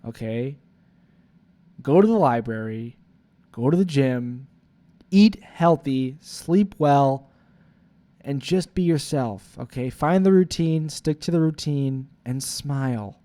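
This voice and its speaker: A man's voice: mid-range voice, animated, slow, mellow. A man voicing his own exasperated future self, scolding and pushy and repeating "okay?" as he lists chores.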